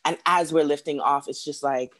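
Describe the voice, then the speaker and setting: A woman from the Bahamas, a guest telling a personal story in casual chat, lively and repeating words as she acts out what people said. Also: low-pitched, moderate pace.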